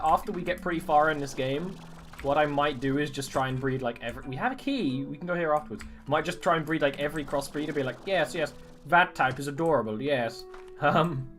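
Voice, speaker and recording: A game streamer chatting casually while playing, joking around and trying out silly accents. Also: mid-range voice. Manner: chatty, animated, jokes about doing accents. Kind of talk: casual live-stream commentary.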